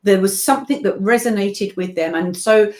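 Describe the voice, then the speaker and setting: Casual british lady guest, talks in long chatty tangents, normal pitch. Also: normal speed, a little mellow. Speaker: guest, voice-over narrator. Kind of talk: casual video-call interview.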